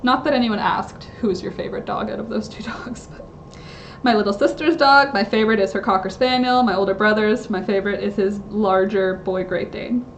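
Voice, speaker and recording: A woman with a medium-pitched, brisk voice chats casually on a livestream from home, with slight noise in the background. She rambles, cuts herself off, and leans on lots of fillers.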